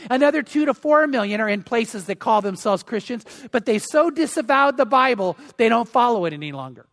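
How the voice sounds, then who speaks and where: A man's voice: extremely high pitch, lively intonation, fairly quick, fairly bright tone, in a large hall. An older man, a grandfather, preaching a sermon as pastor, earnest and repeating phrases for emphasis. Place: church.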